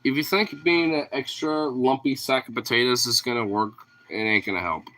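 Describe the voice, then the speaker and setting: Young man, vlogger talking to his dogs, teasing baby talk, swearing, bright forceful voice. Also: medium pitch, normal speed. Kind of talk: casual talk to his pets.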